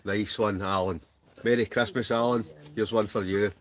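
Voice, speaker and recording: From a heated camping tent, a Scottish man hosts a casual live stream, bantering and laughing while reading viewer messages aloud. His voice is lowish, with fairly even intonation and a moderate pace.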